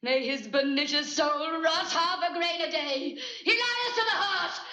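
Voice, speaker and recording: A woman's voice: very high voice, unhurried, pushed and bright, exaggerated voice. An actress playing a loyal, outraged lady's maid in a 1960s Shakespeare film, urgent and defiant in her cries. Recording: dull roomy 1960s film soundtrack.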